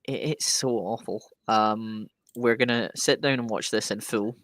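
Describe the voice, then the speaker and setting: A man's voice: fairly low pitch, fairly even intonation, a bit bright, no room sound. Enthusiastic male sports podcast co-host. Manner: enthusiastic, quick to joke. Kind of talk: casual sports chat.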